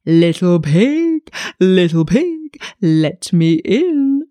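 A woman voicing a sly, hungry male wolf in a storybook, with slow, drawn-out coaxing lines. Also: on the low side, big pitch swings, dark tone, no room sound, heavily acted.

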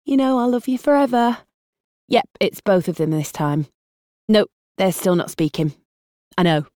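A woman reading an audiobook, voicing a harried young woman with a British accent who juggles phone calls while driving and talks in a brisk, exasperated way. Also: mid-range voice, animated, mellow, no room sound, studio quality, natural voice. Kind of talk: audiobook character voice.

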